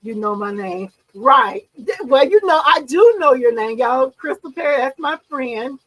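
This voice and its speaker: With a high voice and a measured pace, a woman hosts a casual livestream and talks with her viewers in a bubbly, chatty, excitable way, often laughing. The recording quality is low.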